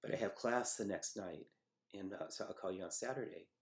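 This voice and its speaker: A middle-aged man telling a personal memory in a halting, reflective way, with many pauses and fillers. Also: low voice. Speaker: storyteller recounting a personal memory. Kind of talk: personal testimony.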